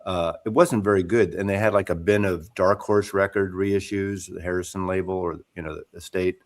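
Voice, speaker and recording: Low-voiced man chatting excitably. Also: moderate pace. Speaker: co-host. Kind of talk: casual livestream chat.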